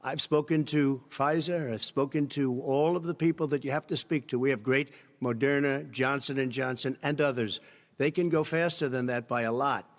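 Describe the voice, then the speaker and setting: A man's voice: medium pitch, steady tone, moderate pace. A man debating on television in a blunt, combative way, often cutting in. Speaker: presidential candidate. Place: large debate hall. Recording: long hall reverb.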